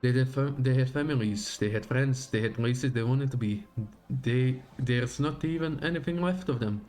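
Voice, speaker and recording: A man voicing a stern, grim woman investigator who speaks low, slow and menacing, read aloud from a game story on a livestream. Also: a little mellow, close to an everyday voice. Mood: accusing.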